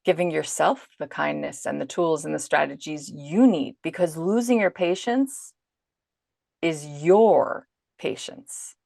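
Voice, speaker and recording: Woman parenting coach on a podcast, gravelly voice, talks thru her self-talk examples. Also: low-pitched, a little slow, dark tone, dry recording, studio quality. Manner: explanatory, acts out inner self-talk. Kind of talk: podcast interview.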